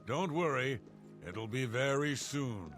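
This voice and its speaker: An actor voicing a gruff, impatient male smuggler who talks in curt, bossy orders. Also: medium pitch, lively intonation, takes it slowly, music in the background. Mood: curt, menacing.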